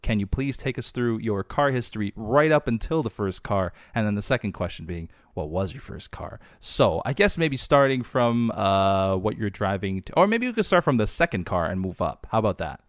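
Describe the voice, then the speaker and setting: A man hosts a relaxed podcast chat. His pitch moves a lot and he laughs easily while asking his questions. The sound is dry and close, with no room echo. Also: normal speed, few pauses. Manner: laughs easily, upbeat, loose phrasing. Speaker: podcast host. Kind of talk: casual chat.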